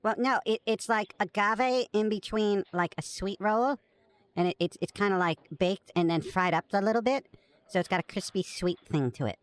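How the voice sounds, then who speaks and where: A woman's voice: medium pitch, moderate pace, close to an everyday voice. A woman voicing a young female coffee-shop barista who hesitates and says um a lot. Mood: dithering. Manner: hesitant, full of ums.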